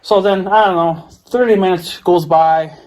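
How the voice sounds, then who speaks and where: A man's voice: high-pitched, fairly even intonation, moderate pace, a little mellow. A man with an American accent ranting to camera in a vlog, profane, exasperated and repetitive. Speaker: vlogger. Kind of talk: ranting monologue.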